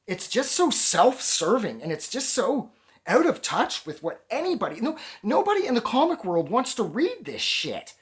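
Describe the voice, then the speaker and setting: Exasperated man ranting, lively pitch. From Canada. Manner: animated, rambling, profane, exasperated. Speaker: comic book reviewer. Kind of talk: casual ranting review.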